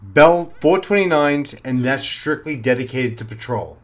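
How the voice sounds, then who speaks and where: A man, a former police officer, telling a story in a casual, animated way and swearing freely. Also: medium pitch, unhurried. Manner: animated, swears freely, acts out his own panic.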